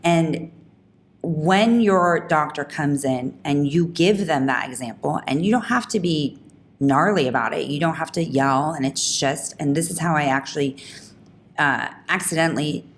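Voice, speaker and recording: Woman, podcast host, low voice, animated, self-interrupting, faint background noise. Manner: animated, fast talking with frequent restarts; emphatic, rising pitch when indignant. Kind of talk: casual podcast storytelling.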